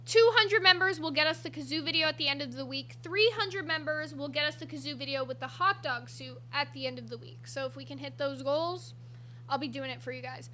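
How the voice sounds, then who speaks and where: A woman's voice: high-pitched, a little fast, sharp tone. A woman co-hosting a livestream in casual chat, upbeat as she reads out stream updates. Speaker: co-host of a livestream.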